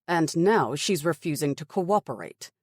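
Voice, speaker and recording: A woman voicing a stern, brisk middle-aged male army major in an audiobook, speaking in clipped, firm, dismissive tones. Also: sits low, animated, dry recording, studio quality, pitched above the performer's own voice. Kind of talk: audiobook character voice.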